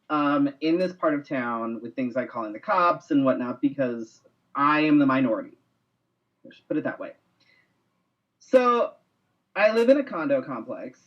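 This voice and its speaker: A man co-hosting a casual online talk show, telling a story with lots of swearing and animated quoting. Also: medium pitch, lo-fi sound. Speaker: co-host.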